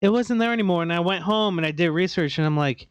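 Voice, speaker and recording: A man co-hosting a casual podcast, telling stories loosely with swearing and excited outbursts. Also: high voice, quick pace, clear, resonant tone, no echo, lo-fi sound. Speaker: podcast co-host. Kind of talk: casual chat.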